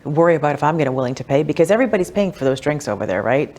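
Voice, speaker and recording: A woman, a wealth coach, telling personal stories in a casual podcast interview, animated and chatty, with lots of "like" and "you know.". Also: racing. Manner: animated, acts out quoted voices with big pitch jumps.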